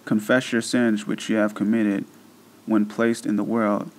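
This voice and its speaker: A man's voice: lowish voice, flat delivery, measured pace, darkish tone, low-quality recording. A man reading as a stern divine judge.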